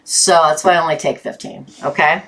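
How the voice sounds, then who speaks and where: A woman doing a live tarot reading, chatty and often breaking into laughter and excited bursts. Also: low-pitched, fairly quick. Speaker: tarot reader.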